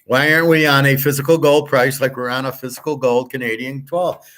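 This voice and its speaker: A man's voice: medium pitch, fairly even intonation, brisk, fairly bright tone. A man hosting his own show, ranting in a fed-up, profane monologue and reading out his own comments. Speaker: sports betting and gold commentary host.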